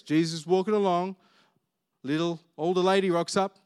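A man's voice: high voice, normal speed, a little mellow, smooth. A man preaching a sermon, reading scripture and then talking it through in a conversational way, acting out the disciples' bickering. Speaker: pastor.

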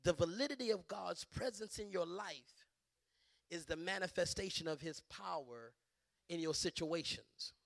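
A middle-aged man preaches as a bishop in a high, gravelly voice. His sound is dry and close, with no room around it. He builds into loud, fervent peaks and stumbles through repeated restarts. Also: unhurried, no echo. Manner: impassioned, surging to loud emphatic peaks; stammering restarts and repeated words. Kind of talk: sermon.

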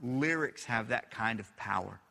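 A man's voice: medium pitch, animated, a little slow, creaky, sharp tone, long reverb tail. A man preaching a sermon as pastor, emphatic and repetitive, putting questions to his listeners. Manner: emphatic, repeats phrases, asks the audience questions.

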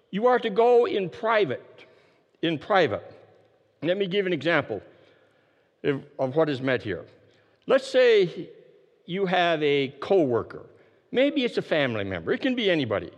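A man preaching a sermon, emphatic and repeating his key phrases, dropping his voice low to stress a point. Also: long reverb tail, dull audio. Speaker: pastor.

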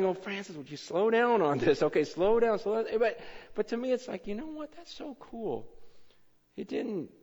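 A man preaching a sermon as pastor, telling stories with much repetition and swinging between loud excitement and hushed earnestness. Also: mid-range voice. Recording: muffled hall recording with long reverb.

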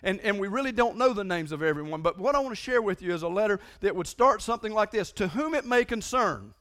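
A man's voice: sits high, animated, fast, fairly bright tone. A man preaches a sermon. He talks conversationally, presses key points hard and repeats phrases for emphasis. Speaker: pastor.

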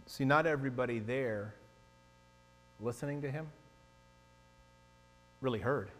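A man preaching a sermon as a pastor, animated, swinging between loud emphasis and hushed asides. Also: mid-range voice, unhurried. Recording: long echo of a large hall, faint mains hum.

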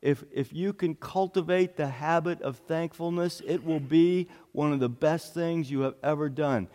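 A man's voice: fairly high pitch, normal speed, a little mellow. A male pastor giving an earnest sermon, often repeating phrases for emphasis. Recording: long hall reverb.

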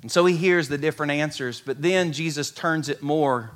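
High-voiced man preaching an animated sermon. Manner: animated, acts out biblical characters' lines; drops soft and slow for emphasis. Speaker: pastor.

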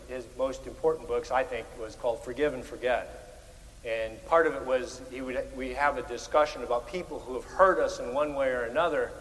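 A man preaching a Presbyterian sermon, animated, with emphatic rises on key words. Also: mid-range voice, in a large hall, rough recording. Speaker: pastor.

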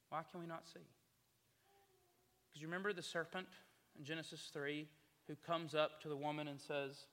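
A man's voice: mid-range voice, fairly bright tone. A man preaching a sermon, impassioned and full of rhetorical questions, recorded in a church hall. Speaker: pastor. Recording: echoey hall reverb.

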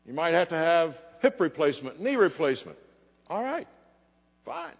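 A man preaching a sermon in a slightly high, husky voice that climbs and falls a great deal. He swings between emphatic lines and quiet asides. The dull, lo-fi recording carries a long reverb from a big hall. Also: very animated, moderate pace. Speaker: pastor.

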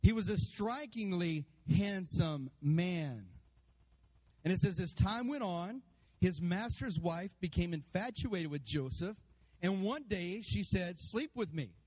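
A man preaching a sermon to his church, animated, acting out voices and calling out to the congregation. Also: sits high, slow pace, rough recording. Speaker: pastor. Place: church sanctuary.

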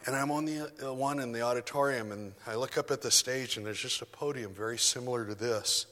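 Male preacher, sermon, storytelling, emphatic, bright forceful tone, long hall echo. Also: mid-range voice, a little fast. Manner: storytelling, emphatic and rising to declarations.

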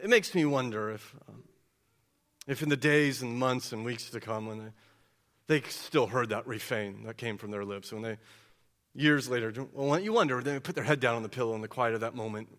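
A man preaching an expository sermon, asking rhetorical questions and dropping low and quiet for emphasis. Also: moderate pace. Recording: long hall reverb.

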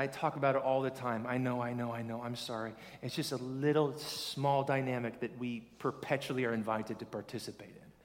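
A male pastor preaching a sermon in a lively, conversational way, calling on the congregation to repeat lines after him. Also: mid-range voice. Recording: long reverb of a large hall.

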